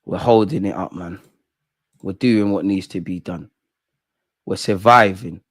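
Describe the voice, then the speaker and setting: A young man hosts a live football watch-along, giving match reaction commentary in slangy banter and swearing at the screen. His delivery is a little slow and swings from loud shouting to low muttering.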